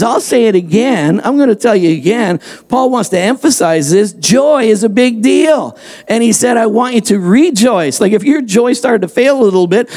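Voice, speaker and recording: High, gravelly man preaching with punch. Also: normal speed. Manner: emphatic preaching, repeats key lines, punchy and energetic. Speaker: pastor. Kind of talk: sermon. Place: church sanctuary, also streamed online.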